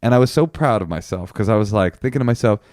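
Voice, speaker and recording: A man co-hosting a podcast, chatting casually and telling stories with animated quoted voices. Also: quick pace, no echo, clean studio sound. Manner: animated storyteller, jumps into high quoted voices. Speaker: podcast co-host. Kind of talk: casual chat.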